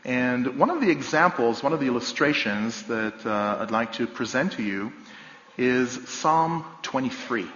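A man giving a measured, explanatory church teaching talk as a guest speaker, pausing with fillers. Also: expressive, fairly bright tone. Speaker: guest speaker, professional guide. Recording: echoey hall, dull low-fi sound.

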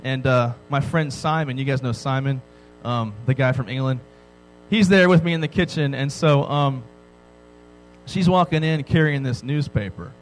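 A man's voice: mid-range voice, moderate pace, faint music behind, low-quality recording. A man in his thirties preaching a sermon, joking and telling stories with frequent "right?" asides. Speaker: pastor. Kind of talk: sermon to a youth audience.

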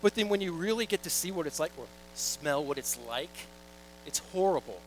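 A young man delivers a sermon in a relaxed, conversational way, mixing scripture readings with jokey stories. His voice sits a little high for a man. A faint electrical hum runs under the recording. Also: normal speed, rough recording. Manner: conversational, jokey storytelling with quoted asides. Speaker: pastor.

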